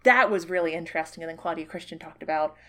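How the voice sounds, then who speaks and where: A woman's voice: low voice, fast talker, sharp tone. A woman co-hosting a podcast, chatting enthusiastically about a convention with many fillers. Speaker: podcast co-host. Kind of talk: casual chat recapping a convention.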